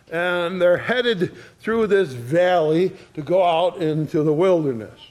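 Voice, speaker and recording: Male preacher, earnest sermon delivery, high-pitched and unhurried. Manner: earnest, addresses listeners as "my friends".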